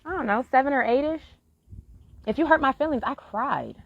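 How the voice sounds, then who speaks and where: A woman's voice: sits high, animated, normal speed, dry recording. A woman talking frankly and earnestly in a live-stream monologue, swearing freely as she urges listeners. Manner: earnest, heartfelt encouragement. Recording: dull lo-fi, dry sound.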